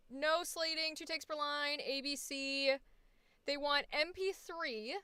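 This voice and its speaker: A woman's voice: sits high, sharp tone, dry recording. A woman voice actor chatting casually on a live stream, swearing freely and laughing easily, with faint music playing behind her. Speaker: voice actor streaming a coaching session. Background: faint background music.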